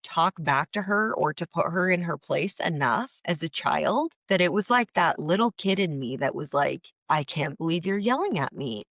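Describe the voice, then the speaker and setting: A woman guest on a podcast, telling a personal story in an animated, emotional way and acting out the quotes. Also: on the low side, no room sound, highs cut off.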